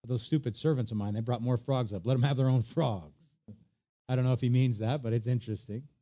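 A man delivers a sermon in a relaxed, mellow voice at a middle pitch. He talks in a lively, conversational way and jumps into little acted voices for the people he quotes. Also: fast talker. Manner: animated, acts out quoted voices. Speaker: pastor.

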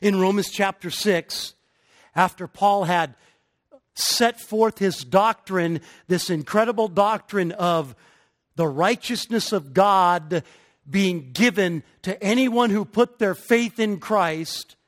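A middle-aged man preaching a sermon, emphatic and building to forceful peaks. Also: high-pitched, slow. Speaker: pastor.

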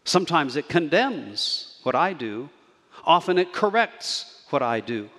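A man preaching a sermon as pastor, measured and earnest, slowing down to stress key words. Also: fairly high pitch, sing-song, fairly bright tone, long reverb tail. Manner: measured, earnest preaching with slow emphatic pauses.

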